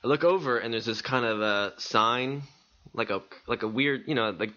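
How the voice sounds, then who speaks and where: A man on a casual podcast tells an animated anecdote with a bright, forward voice. He laughs often and swears freely. The recording sounds somewhat dull and lo-fi. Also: mid-range voice, normal speed. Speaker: podcast co-host.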